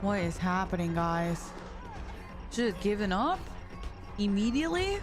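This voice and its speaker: A young woman chats with her stream viewers while she games, loose and playful, with a good deal of swearing and laughter. Her voice sits at an ordinary middle pitch. Music plays clearly behind her. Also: normal speed. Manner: chatty, swearing, laughing often, playful banter with chat. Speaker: live streamer. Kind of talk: casual live-stream chat while gaming.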